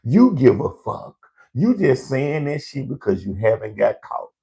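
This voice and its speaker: A man's voice: mid-range voice, big pitch swings, measured pace, gravelly, mellow. A man hosting a live comedy show, ranting in a brash, profane storytelling way to online viewers.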